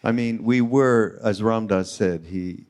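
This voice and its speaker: A man hosting a podcast live on a retreat stage, telling a spiritual story in an animated way. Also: fairly low pitch, measured pace. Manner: animated storyteller acting out quotes. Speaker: podcast host.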